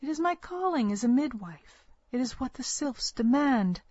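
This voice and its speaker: A woman's voice: high-pitched, lively intonation, moderate pace, darkish tone, slightly rough, dry recording, voice pushed up. A woman reading a story aloud, voicing a stern and secretive older village midwife who talks in a curt, bitter, scolding way. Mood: evasive, resolute. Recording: dull, lo-fi, dry recording.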